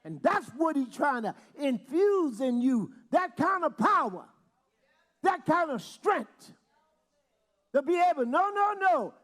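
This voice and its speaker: A man preaching a sermon, breaking into shouts and acting out prayers. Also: extremely high pitch, sing-song, takes it slowly. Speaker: bishop preaching.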